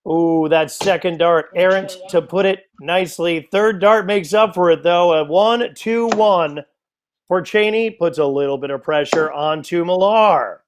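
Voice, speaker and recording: A man's voice: a little high, fairly even intonation, moderate pace, hardly any pauses, a little hiss or hum. A man from the United States doing live darts commentary, chatty and joking in asides to viewers.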